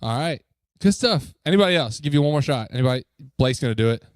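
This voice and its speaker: Upbeat youth pastor, dry sound. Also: male voice, mid-range voice, expressive, no echo. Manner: upbeat, joking, coaxing the crowd with quick questions. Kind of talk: lively talk to a youth group. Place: church youth room.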